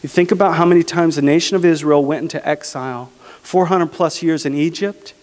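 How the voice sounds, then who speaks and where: A pastor with a fairly high, slightly mellow voice preaches a sermon, slowing down to lean into each scripture phrase. His words ring through a church sanctuary with a long reverb tail.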